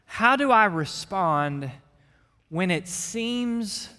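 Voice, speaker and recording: A man's voice: high voice, lively intonation, drawn-out words, pushed and bright. A man preaching a sermon to his congregation in a church sanctuary, with impassioned delivery that rises as he voices a cry of lament. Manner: impassioned preaching, rising when voicing the psalmist's cry. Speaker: pastor. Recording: long church hall reverb.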